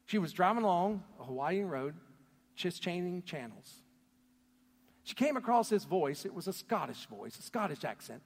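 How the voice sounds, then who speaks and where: A man preaching a sermon, telling a story earnestly, his voice swelling loud and then dropping to a near hush. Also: high-pitched, big pitch swings, normal speed, creaky. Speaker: pastor. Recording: long hall reverb.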